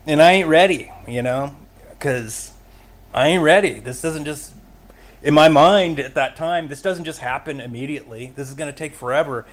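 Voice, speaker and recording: A man's voice: fairly high pitch, normal speed. Candid man telling his recovery story. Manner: candid, emotional, laughs often while telling. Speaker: podcast guest. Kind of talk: personal recovery story in conversation.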